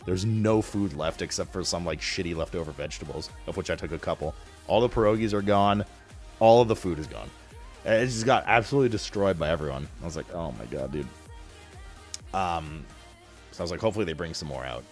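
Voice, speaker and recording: Deep-voiced man rambling to stream chat. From Romania. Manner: rambling, excitable, swears a lot. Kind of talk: casual storytelling to stream chat.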